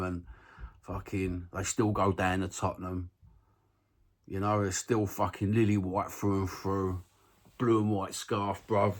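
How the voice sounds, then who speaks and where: A man's voice: lowish voice, fairly even intonation, measured pace. Blunt, sweary London man ranting. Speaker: football content creator. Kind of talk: ranting to camera.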